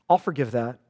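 A man's voice: mid-range voice, warm tone. Man preaching in an echoing hall. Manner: earnest preaching, quoting Jesus in a dramatic voice. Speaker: pastor. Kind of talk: sermon.

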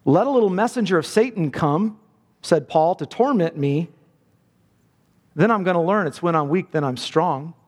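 A man's voice: fairly high pitch, expressive, moderate pace. A male pastor preaching a sermon in a church, earnest and building to fervent emphasis. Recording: long reverb of a large hall.

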